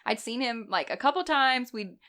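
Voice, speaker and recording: A young woman, a nurse telling stories in casual chat, animated and often laughing. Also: on the high side, moderate pace. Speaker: guest, nurse.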